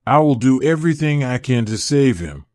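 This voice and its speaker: A woman's voice: extremely low pitch, expressive, normal speed, warm tone, no echo, clean studio sound, voice pushed down. A woman voicing a kind, remorseful middle-aged king who speaks earnestly in a storybook reading. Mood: solemn. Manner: earnest and guilt-stricken.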